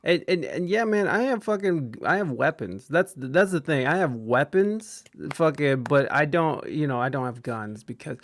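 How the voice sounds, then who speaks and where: A man with a slightly raised pitch hosts a loose podcast conversation, rambling and swearing freely, often restarting his sentences. He is from Ohio, and his voice sounds close and dry with no room around it. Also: animated, normal speed, hardly any pauses, dry recording. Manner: profane, rambling, stammers and restarts. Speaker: podcast host. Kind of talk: casual podcast chat.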